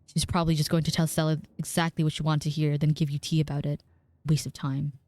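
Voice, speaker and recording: A woman's voice: low-pitched, level tone, fast talker, darkish tone, no room sound, lightly acted. A woman reading the lines of a curt, dismissive young woman cousin from a story game, clipped and skeptical. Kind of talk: reading game dialogue aloud.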